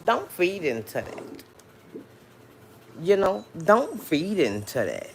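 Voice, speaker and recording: Woman, New Orleans accent, slow unhurried talk, lively swooping pitch, faint ambience behind. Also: vocal fry, a little hiss or hum. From New Orleans, Louisiana. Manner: drawling, talks straight to viewers with frequent mm-hmms. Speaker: livestream host. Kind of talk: casual livestream chat with viewers.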